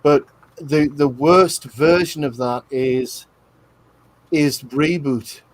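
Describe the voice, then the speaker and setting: A man hosting a live film commentary, chatting casually and slowing down to make his points. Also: on the high side, fairly even intonation, no room sound. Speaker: host of live movie commentary.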